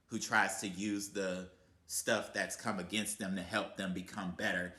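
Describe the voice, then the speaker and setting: A vlogger with a fairly low, bright, forceful voice launches into a profane motivational rant. He's blunt and heated, cursing constantly, and his words ring through an echoey room.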